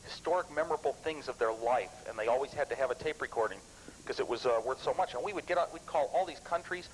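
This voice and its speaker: Guy in his 30s telling stories to a crowd, rambly and excited, middle pitch, bit of hiss. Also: fast, poor audio. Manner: lively storyteller, animated and chuckling; rambling with frequent restarts. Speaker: guest speaker at a computer club. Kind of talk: anecdotal talk to a live audience.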